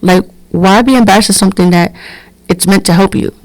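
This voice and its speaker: A woman's voice: medium pitch, brisk, no echo, low-quality recording. A middle-aged woman, telling candid stories bluntly as a podcast host. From Brooklyn, New York. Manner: candid, blunt, animated storytelling. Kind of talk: casual storytelling monologue.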